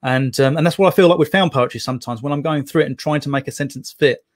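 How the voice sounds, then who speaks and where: A man's voice: on the high side, fast. A man guesting as a poet in an interview, talking in a casual, rambling way with many restarts and fillers.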